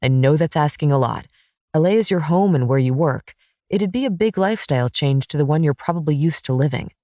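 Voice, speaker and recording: A woman's voice: low voice, animated, brisk, warm tone, no room sound, clean studio sound. A woman voicing an earnest, plain-spoken romantic man, a professional quarterback and single dad, in an audiobook.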